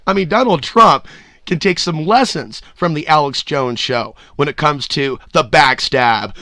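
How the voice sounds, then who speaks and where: A man hosting a solo podcast with a bright, forceful voice sitting a bit high for a man. He rants loosely, swears freely and breaks into loud whoops, recorded close and dry with no room sound. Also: moderate pace, no echo. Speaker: podcast host.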